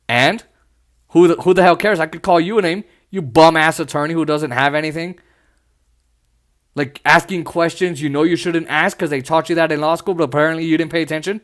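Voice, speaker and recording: A man with a high-pitched voice hosts his own podcast, speaking with raw passion and blunt frankness. He slips into mocking asides now and then, in a loose, unscripted commentary. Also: a little fast, fairly bright tone. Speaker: podcast host.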